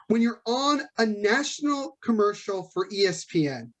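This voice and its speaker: Animated man co-hosting a podcast. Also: sits high, normal speed. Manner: animated, enthusiastic storyteller. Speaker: podcast co-host. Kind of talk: casual chat.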